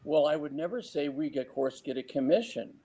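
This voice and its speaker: A man with a mellow, dark-toned voice shares sales tips in an interview. He talks lively and breaks into little acted-out client exchanges. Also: fairly high pitch, normal speed, husky, rough recording. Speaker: real estate sales trainer. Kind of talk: interview advice.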